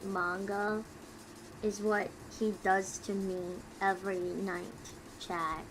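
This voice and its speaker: A tipsy young woman streamer chatting casually with viewers, talking quietly and rambling with giggles close to her mic. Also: mid-range voice, flat delivery, takes it slowly, noisy background. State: tipsy from drinking. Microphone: close desk mic.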